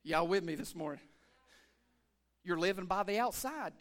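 Pastor guy preaching to his church, real high voice, call and response, gets loud then quiet. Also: expressive, normal speed. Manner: call-and-response preaching, swings from shouting to hushed. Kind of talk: energetic church sermon. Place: church sanctuary.

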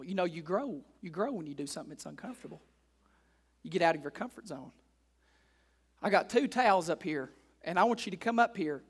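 A man with a rather high-pitched voice preaches to his congregation in church. He repeats his main points and asks the room question after question. His delivery moves between quiet, conversational asides and loud, emphatic calls. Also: animated, fairly quick, long pauses, breathy edge. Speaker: pastor. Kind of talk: sermon.

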